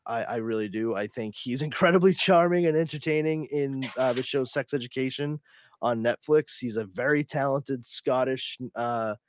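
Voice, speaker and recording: A man's voice: mid-range voice, moderate pace, no echo. Male podcast host, casual chat, rambling and laughing, dry video-call sound. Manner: rambling, many restarts and laughs.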